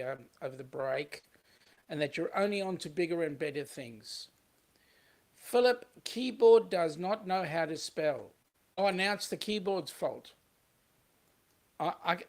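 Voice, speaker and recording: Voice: mid-range voice, darkish tone. A livestream host with an Australian accent, talking casually and greeting viewers by name as they read the chat aloud.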